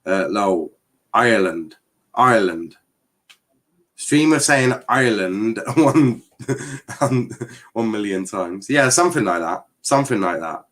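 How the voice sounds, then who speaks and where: A man's voice: fairly low pitch, expressive, unhurried. An English man hosting a live stream in casual chat, laughing often, repeating words and reading out viewer comments with sarcastic asides.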